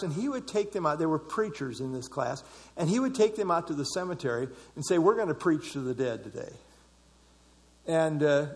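A man's voice: fairly high pitch, long reverb tail. A man leading a Bible study class, explaining scripture verse by verse with emphasis.

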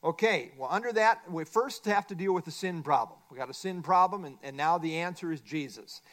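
A man's voice: fairly high pitch, expressive, a little fast, fairly bright tone. A middle-aged man teaching a Bible study lesson from a workbook, emphatic and repeating his key points.

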